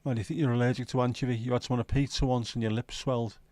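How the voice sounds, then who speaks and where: A man's voice: medium pitch, little pitch movement, racing, darkish tone, dry recording. A man hosting a livestream, chatting casually and cheekily with viewers and reading out their comments by name. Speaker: livestream host.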